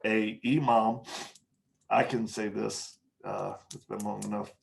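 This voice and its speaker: A man, a podcast guest, telling candid stories in conversation, with frequent pauses and restarts. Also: lowish voice, steady tone, gravelly. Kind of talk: storytelling in conversation.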